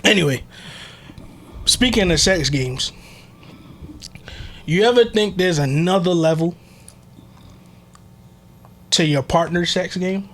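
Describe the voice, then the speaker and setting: A man's voice: high-pitched, slow pace, pauses often, fairly bright tone. A man co-hosting a podcast, telling wild stories in loose slang and laughing often. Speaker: podcast co-host. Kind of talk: casual chat, storytelling.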